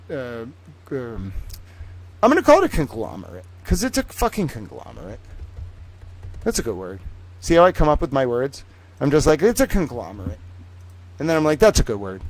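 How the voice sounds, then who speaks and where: A man streaming, talking in a rambling, profane, animated way as he tells stories. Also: a little high. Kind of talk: casual livestream rant.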